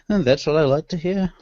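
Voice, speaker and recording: A man playing his character in a tabletop role-playing game, speaking slowly and mixing in small laughs. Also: high-pitched, dark tone. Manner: slow, laughs between lines. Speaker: player. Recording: dry, dull lo-fi recording.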